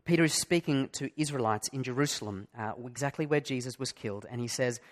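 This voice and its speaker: A man's voice: mid-range voice, fast talker. A middle-aged male pastor preaching a sermon in an earnest way, asking his listeners many direct questions.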